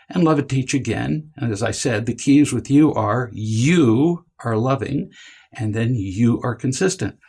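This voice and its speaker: A man giving a deliberate, emphatic lecture to parents, now and then mimicking a whiny child. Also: medium pitch, creaky, darkish tone, breathy edge. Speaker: parenting teacher.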